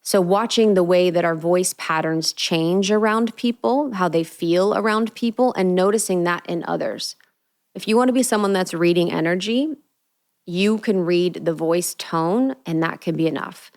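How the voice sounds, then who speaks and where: A woman's voice: on the low side, moderate pace, darkish tone. A young adult woman hosting a solo podcast, talking in an earnest, spiritual, casual way with lots of "like.". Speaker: podcast host. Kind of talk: reflective solo podcast monologue.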